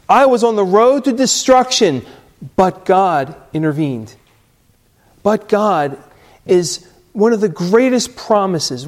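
A pastor delivering a sermon in a notably high voice. He speaks slowly and deliberately, leaning on key phrases and letting them fall to a hush. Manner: slow, emphatic preaching with dramatic drops in volume.

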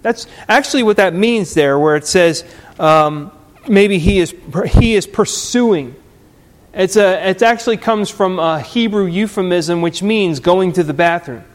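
Brief: male preacher, high voice, slow deliberate delivery, dramatic sermon, hall reverb. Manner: dramatic, storytelling, swings loud and soft.

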